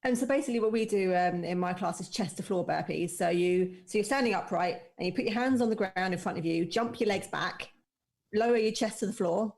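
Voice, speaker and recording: A woman's voice: medium pitch, fairly quick, darkish tone. A woman chatting casually from home, explaining things keenly and with enthusiasm. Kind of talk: casual chat. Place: home, remote call.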